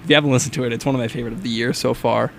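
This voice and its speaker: A young man hosting a college radio show, chatting in a relaxed, rambling way with plenty of fillers. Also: mid-range voice, rapid-fire, vocal fry, slight background noise. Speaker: radio host. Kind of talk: casual college radio chat. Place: radio studio.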